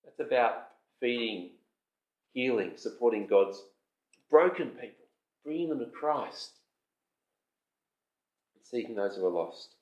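A man preaching an expository sermon, emphatic, lifting his voice on lists and slowing down when he reads scripture aloud. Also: mid-range voice, lively intonation, darkish tone, lo-fi sound. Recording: roomy hall sound.

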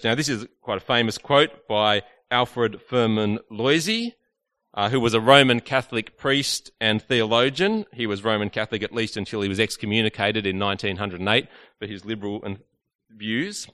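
A man's voice: fairly low pitch, normal speed, fairly bright tone. A man giving an evening church teaching talk, chatty and playful with his listeners, with plenty of fillers. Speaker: preacher.

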